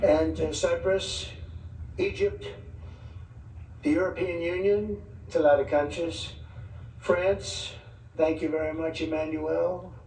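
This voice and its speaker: A man speaks off the cuff to a room of visiting leaders, wandering from one point to the next with joking asides. His voice is gravelly with a slightly raised pitch. It is picked up from a distance in an echoing hall, with faint noise underneath. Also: steady tone, takes it slowly, pauses often, a little mellow. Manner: rambling, ad-libbed, joking asides. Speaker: politician addressing foreign leaders. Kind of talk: off-the-cuff speech. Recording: echoey, distant mic, faint background noise.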